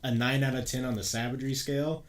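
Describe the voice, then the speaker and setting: A man's voice: medium pitch, fairly even intonation, fast talker. A man co-hosting a podcast, talking in a loose, crude way and laughing often. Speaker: podcast co-host. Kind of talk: casual chat.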